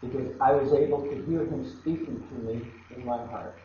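A man preaching a sermon, emphatic and repetitive, dropping to a hush and then rising loud. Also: mid-range voice, normal speed. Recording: echoey, dull hall recording.

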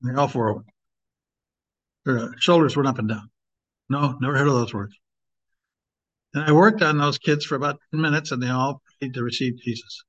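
Man, evangelist, informal sermon, emphatic, slow stressed words, lo-fi muffled sound. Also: medium pitch, a bit bright. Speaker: evangelist, teacher. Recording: dull lo-fi recording.

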